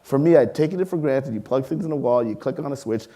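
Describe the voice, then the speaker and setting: A man in his forties giving a public science lecture, telling lively personal stories and asking the audience questions. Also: medium pitch, fast talker. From Canada. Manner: lively storyteller, acts out voices, engages audience with questions. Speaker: science museum leader giving a public talk.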